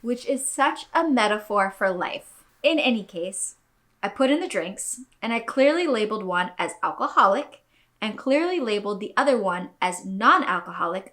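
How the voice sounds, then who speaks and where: Bright-voiced woman telling a story. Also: medium pitch, measured pace. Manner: animated, swearing, expressive quoting. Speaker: podcast host reading a listener story. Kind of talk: casual storytelling podcast.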